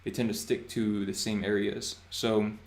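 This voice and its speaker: A man in his twenties hosting a casual livestream chat, relaxed and reading chat aloud. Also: on the low side, normal speed, roomy sound. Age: 20s. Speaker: livestream host.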